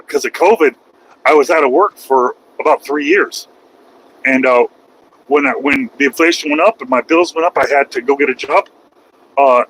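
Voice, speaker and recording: The recording is rough, and the voice is husky, a bit bright, and on the high side. It belongs to a middle-aged truck driver rambling folksily from his cab on the road, dropping the odd swear word as he drives.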